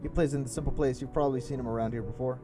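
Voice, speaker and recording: A man's voice: medium pitch, steady tone, music in the background. Casual young gaming YouTuber man. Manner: casual, halting with fillers. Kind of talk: let's play commentary and dialogue reading.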